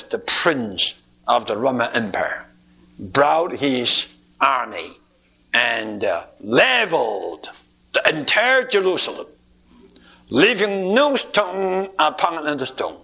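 A man preaching a sermon, telling the story in a deliberate, emphatic way, from an archival recording. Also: on the high side, sharp tone. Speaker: Bible teacher.

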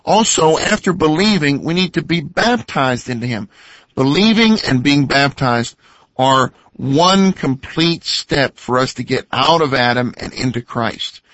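A man's voice: fairly high pitch, animated, a little slow, fairly bright tone, no room sound. Earnest man explaining with a dull lo-fi sound. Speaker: radio program co-host. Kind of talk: scripted teaching talk.

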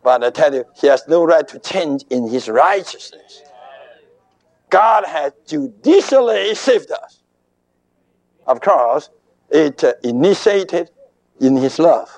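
A man preaching a sermon in emphatic, deliberate short phrases, his voice riding high and swinging widely in pitch. He takes his time, unhurried and slow, and the recording is close and dry with no room sound. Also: sing-song, darkish tone, no room sound.

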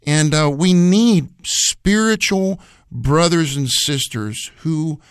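A man with a fairly high voice explains scripture on a radio program in an earnest, preacherly way, repeating phrases for emphasis. The sound is dry and close, with no room around it. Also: slow, smooth, dry recording. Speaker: radio Bible program co-host. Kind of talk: earnest teaching conversation.

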